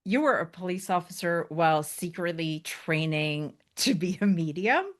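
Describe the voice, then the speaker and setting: A woman's voice: on the low side, expressive, moderate pace. A woman hosting an interview, giving short affirmations and asking questions. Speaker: podcast host.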